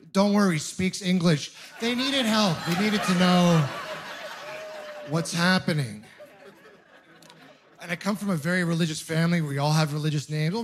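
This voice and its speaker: High-voiced man doing stand-up. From Ontario, Canada. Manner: self-deprecating, punchy storytelling. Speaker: stand-up comedian. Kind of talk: stand-up comedy routine.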